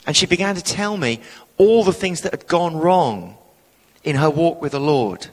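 A man delivers a sermon with animated storytelling, slipping into acted-out voices for the people he quotes. His voice sits a little high for a man. The long reverb of a church hall trails behind every phrase. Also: normal speed, pauses often. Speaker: preacher.

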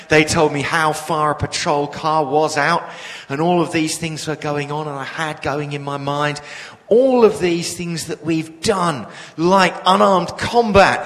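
Man preaching, storytelling in a reverberant hall. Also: a little high. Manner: storytelling, animated, drops to a hush for emotional moments. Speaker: preacher and police chaplain. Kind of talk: sermon.

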